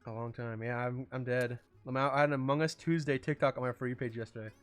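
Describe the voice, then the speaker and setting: A man's voice: medium pitch, steady tone, quick pace, clean tone, faint music behind. Rambling, jokey young male streamer. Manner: rambling, jokey, swings between mumbling and loud bursts. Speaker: streamer podcast host. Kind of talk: casual chat.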